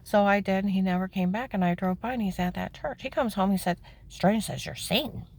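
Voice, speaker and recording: A woman telling the story of her own life in plain words, emphatic and indignant, her voice climbing high when she is upset. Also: fast talker, darkish tone. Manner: plain-spoken, with frequent "okay?" asides. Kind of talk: personal testimony, candid storytelling.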